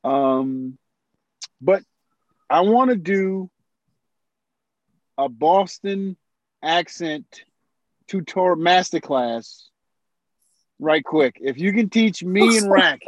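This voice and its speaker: A man's voice: sits high, animated, very slow, long pauses, no room sound, muffled recording. A man hosting a podcast, playfully teasing and pushing his guests in casual chat. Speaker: podcast host.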